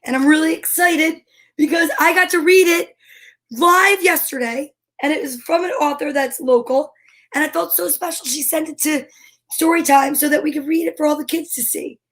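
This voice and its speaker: A woman's voice: high voice, moderate pace, fairly bright tone. A woman hosting a children's storytime, chatting and reading a picture book aloud in a bubbly, friendly way. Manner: bubbly and chatty, talks straight to young listeners.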